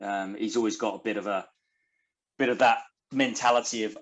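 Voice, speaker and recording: A man's voice: on the low side, fairly even intonation, a little fast. A man hosting a podcast, asking long, meandering questions and rephrasing them as he goes. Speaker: podcast host. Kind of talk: casual interview questions.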